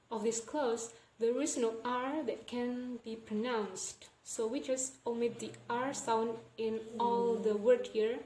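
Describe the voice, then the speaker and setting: A young woman presenting as a student, explaining slowly and repeating each phrase with care. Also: fairly high pitch, steady tone, a little mellow. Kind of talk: slow classroom explanation. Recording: echoey room with faint ambient noise.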